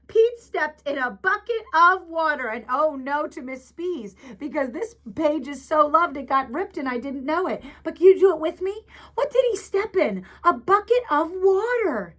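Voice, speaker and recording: A woman teacher reads a picture book aloud to children in a high voice at normal speed, animated, pausing to ask them questions.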